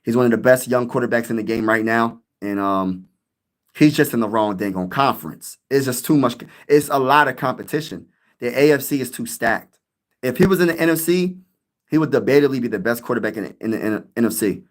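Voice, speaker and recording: A man's voice: mid-range voice, fairly quick. Hyped young man chatting on a live stream. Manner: hyped, rambling, laughs a lot, slangy. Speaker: sports YouTuber live-streaming, answering chat. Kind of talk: casual live-stream chat.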